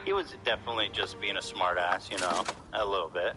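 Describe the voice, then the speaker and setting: A man's voice: sits low, quick pace, over loud music. A man hosting a casual commentary chat, rambling and blunt with plenty of swearing. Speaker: streamer and podcast host.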